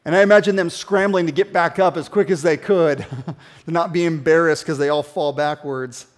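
A man preaching a sermon in a conversational, animated way, often dropping into hushed emphasis. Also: fairly high pitch, normal speed. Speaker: pastor.

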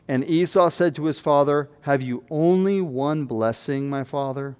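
A man preaching an expository sermon, swinging from loud, acted-out quotes to hushed asides. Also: on the high side, normal speed. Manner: acts out quoted voices.

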